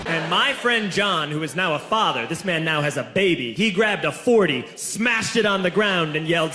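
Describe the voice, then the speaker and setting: A young adult man telling a stand-up story on stage, animated, shouting punchlines and acting out quotes. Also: fairly high pitch, moderate pace, hardly any pauses, a crowd in the background. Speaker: stand-up comedian. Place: stage before a laughing audience. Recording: echoey room with loud audience noise.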